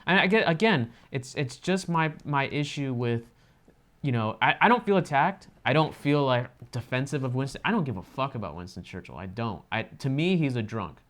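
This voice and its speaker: Male co-host, mid pitch, earnest and emphatic, casual reaction talk, swears a lot. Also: expressive, normal speed, fairly bright tone.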